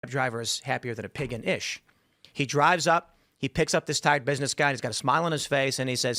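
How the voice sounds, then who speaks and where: A man's voice: mid-range voice, fast talker, pushed and bright, no echo, clean studio sound. A man telling a casual anecdote on a podcast, acting out the people in it. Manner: storytelling, acts out quoted voices. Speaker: podcast host telling a story. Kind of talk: casual anecdote in a played clip.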